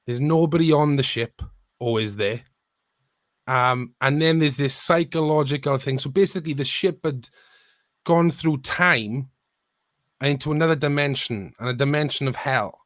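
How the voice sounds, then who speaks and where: A man's voice: mid-range voice, normal speed, fairly bright tone, no echo, studio quality. A man co-hosting a podcast in casual chat, rambling thoughtfully as he recounts things. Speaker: podcast co-host.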